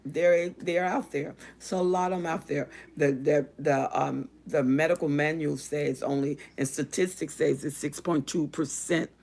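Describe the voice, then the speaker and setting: A woman hosting a live advice stream, reading viewer comments aloud and answering them with emphatic, repetitive, preacher-like encouragement. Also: low-pitched. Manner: religious encouragement.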